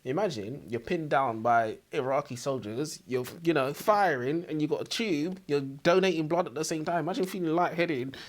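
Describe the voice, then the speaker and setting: A man's voice: fairly high pitch, moderate pace, few pauses. A man co-hosting a casual book-review chat, rambling and hesitant as he explains things. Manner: rambling, hesitant with fillers and restarts. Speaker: co-host.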